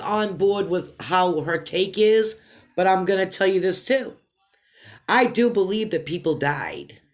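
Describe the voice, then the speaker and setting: A woman talking to her viewers in an emotional commentary monologue, emphatic and repetitive, swinging between quiet and loud stretches. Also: fairly low pitch. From United States. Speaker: commentary vlogger.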